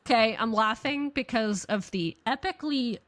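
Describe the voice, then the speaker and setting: A woman hosting a podcast, recapping a TV episode with animated storytelling and frequent laughter. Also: fairly high pitch, normal speed. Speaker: podcast host.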